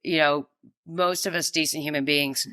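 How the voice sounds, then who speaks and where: A woman co-hosting a podcast with a bright, crisp voice, recorded close and dry. She chats in a playful, animated way and reads debate topics from her notes. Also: sits low, moderate pace, no room sound. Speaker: podcast co-host. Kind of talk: casual chat.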